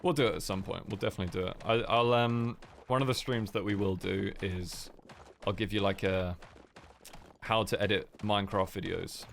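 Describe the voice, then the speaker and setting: Gravelly, sleepy-voiced young man. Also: on the low side, fairly even intonation, normal speed, a little hiss or hum. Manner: soft, sleepy-sounding chatter; rambling, lots of fillers. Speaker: streamer. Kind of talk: casual livestream chat.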